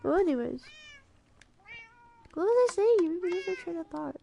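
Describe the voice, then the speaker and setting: A woman streamer talks casually while she plays, her voice high and carrying a gravelly edge. She wanders through her story, gets sidetracked, and circles back. Steady hiss and noise sit under the home stream recording. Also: moderate pace, dull audio. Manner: rambling, easily distracted storytelling. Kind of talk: casual chat while gaming.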